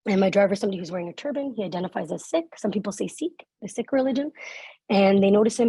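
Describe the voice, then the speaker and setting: Earnest woman speaker with a gravelly voice. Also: medium pitch, very fast, warm tone, no room sound, poor audio. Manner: earnest, self-deprecating storyteller. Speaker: keynote speaker. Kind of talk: storytelling talk.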